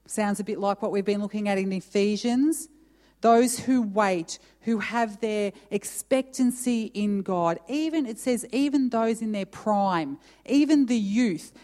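Woman preacher, unhurried, mellow tone, long reverb of a church hall. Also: on the high side. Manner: reads scripture aloud with emphatic pauses, then talks it through. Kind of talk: sermon.

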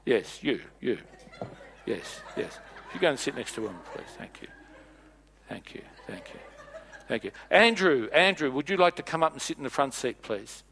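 A man preaching a sermon in a church, playful and animated, acting out bits of dialogue as he goes. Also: medium pitch, normal speed.

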